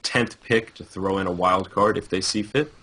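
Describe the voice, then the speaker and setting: A man commentates an esports match over a voice call with fluent, energetic delivery. His voice sits low but sounds bright and forceful. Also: moderate pace. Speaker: esports caster.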